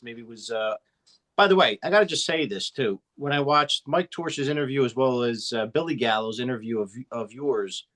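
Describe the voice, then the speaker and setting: A man hosting a podcast with a mid-pitched voice. He asks his guest casual questions in a halting way, restarting his sentences often. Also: a bit bright. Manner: halting, with many restarts and fillers. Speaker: podcast host.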